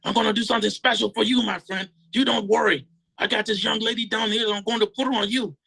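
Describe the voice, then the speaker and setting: A man's voice: high-pitched, steady tone, fast talker, gravelly, bright, forceful tone, husky, pitched above the performer's own voice, full character voice. A man putting on the voice of a belligerent, emotional braggart who talks in broken English. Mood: boasting. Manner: boisterous, broken English, repeats "my friend". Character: belligerent, emotional man, boastful host with a deal.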